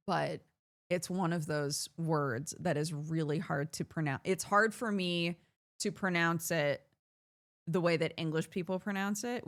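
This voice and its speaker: A woman's voice: low voice, a bit bright. An American woman streamer chatting casually with viewers, laughing often as she talks. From United States.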